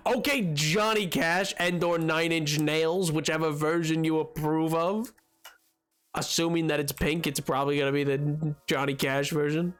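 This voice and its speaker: A man's voice: on the high side, fairly even intonation, normal speed, a bit bright, smooth, soft background music. A young man streaming a game, chatting casually in a rambling, self-mocking way and laughing often. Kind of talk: casual gaming stream chat.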